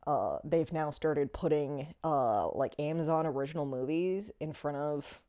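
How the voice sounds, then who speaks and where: A woman's voice: low-pitched, measured pace, mellow. A woman giving a casual, rambling movie review, full of fillers and frequent laughter.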